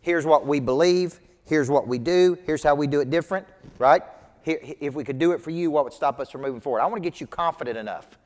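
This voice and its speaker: A man's voice: a little high, fast, a little mellow. A man working as a business coach, giving a motivational sales training talk to a group at tables, with emphatic, punchy repetition. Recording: reverberant hall sound.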